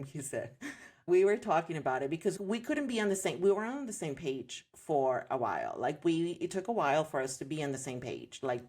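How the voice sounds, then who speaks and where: A woman in her thirties with a low, slightly rough voice talks candidly as a guest on a podcast. She's a homeschooling mom telling her story in an earnest, reflective way, growing animated whenever she quotes other people.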